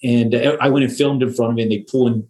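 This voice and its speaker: A middle-aged man, a home builder, is speaking as a podcast guest. His voice sits at an ordinary middle pitch, and he tells his stories in a loose, slangy way. He swears freely and restarts his sentences often. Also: steady tone, fast talker, warm tone, a little hiss or hum, rough recording. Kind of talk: casual storytelling.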